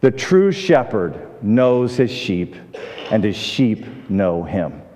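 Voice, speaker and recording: The pastor speaks slowly in a fairly low, dark voice that is very animated, his sermon echoing with the long reverb of a large church hall. He engages the congregation conversationally with questions and voices the characters he quotes in his stories.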